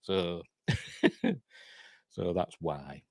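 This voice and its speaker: A man's voice: sits low, extremely slow, vocal fry, no room sound. A man with a Yorkshire accent hosting a casual livestream, rambling and self-deprecating as he chats to viewers from home. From Yorkshire, England. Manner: chatty, rambling, self-deprecating, reads chat aloud. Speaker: host.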